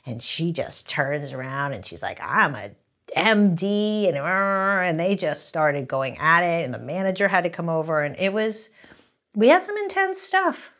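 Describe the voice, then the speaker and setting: A middle-aged woman from the East Coast of the US, author of a memoir, recounts candid stories for an interviewer at a normal speed in a lowish voice. She's animated and rambling, often restarting her thoughts.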